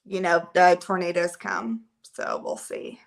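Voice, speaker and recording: A woman's voice: on the low side, wildly swooping pitch, slow pace, creaky. A woman chatting casually at home with viewers of her live stream, rambling and using many filler words, recorded by a camera on a holder. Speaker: livestream host.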